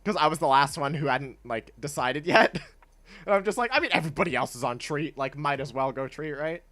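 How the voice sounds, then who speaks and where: A young man casually chatting with his chat while playing a video game, laid-back and quick to laugh. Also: a little high, sharp tone. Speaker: streamer.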